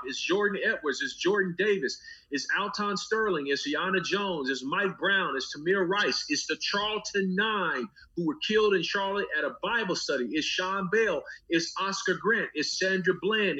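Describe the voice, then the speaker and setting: A man's voice: high voice, sharp tone, lo-fi sound. A man, a pastor speaking as an interview guest, talking with a preacher's rhythmic cadence, repeating phrases and building long lists. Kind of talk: impassioned interview talk.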